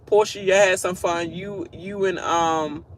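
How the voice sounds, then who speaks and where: A man's voice: sits high, fairly even intonation, measured pace, a little hiss or hum. A man giving a casual, blunt and profane reality-TV recap rant from work, laughing often. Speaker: show recap host.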